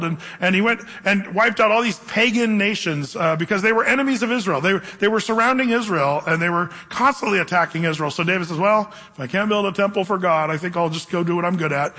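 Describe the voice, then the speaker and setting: A man's voice: high-pitched, sharp tone, husky, long reverb tail. A man preaching a Bible teaching sermon in a conversational way, reading scripture aloud and asking the congregation questions. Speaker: pastor.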